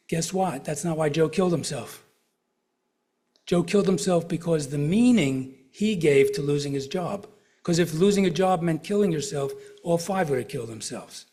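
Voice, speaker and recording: A man's voice: on the high side, moderate pace, dark tone. Middle-aged man lecturing a live audience. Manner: conversational, asks the audience questions and uses examples. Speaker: counselor giving a health talk.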